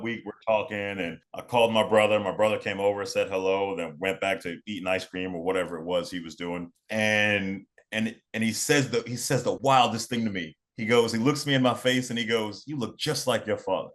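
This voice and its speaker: A man's voice: fairly low pitch, a little fast, hardly any pauses, a bit bright. A young man from New York telling a personal story in a laid-back, casual way, often repeating and restarting phrases. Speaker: podcast guest.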